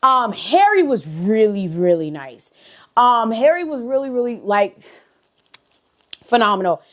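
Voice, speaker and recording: Blunt, profane woman telling a story. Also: mid-range voice. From United States. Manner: animated and profane, blunt and gossipy. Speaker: vlogger. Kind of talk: casual storytime.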